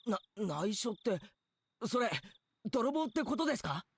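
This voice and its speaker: An actor voicing a flustered, indignant teenage boy who stammers and protests, with a gravelly voice. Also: extremely high pitch, very animated, fast, no echo, exaggerated voice.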